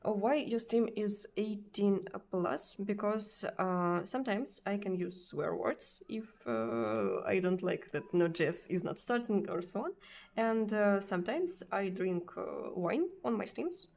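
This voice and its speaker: A woman's voice: mid-range voice, lively intonation, a little slow, creaky, a little mellow, slight background noise. Hesitant Russian-accented woman streamer. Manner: hesitant, many fillers and repeated words, frequent laughs. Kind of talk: casual live-stream chat with viewers.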